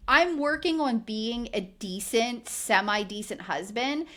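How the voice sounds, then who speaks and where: A woman's voice: a little high, big pitch swings, takes it slowly, hardly any pauses, bright, forceful tone. A woman co-hosting a podcast, recapping a reality show in casual, indignant chat full of "like". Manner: indignant, chatty, heavy use of "like". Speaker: podcast co-host.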